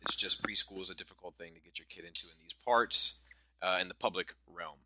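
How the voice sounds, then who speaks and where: A man in his thirties co-hosting a podcast, telling a family story with animated delivery, cursing and restarting phrases. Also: sits low, brisk. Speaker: podcast co-host. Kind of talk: casual podcast chat.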